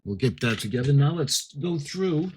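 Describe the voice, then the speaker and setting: A man's voice: fairly high pitch, animated, moderate pace, a little mellow, a little hiss or hum, rough recording. A middle-aged man giving casual unboxing commentary, reading captions aloud and adding chatty asides. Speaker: model-kit unboxing vlogger.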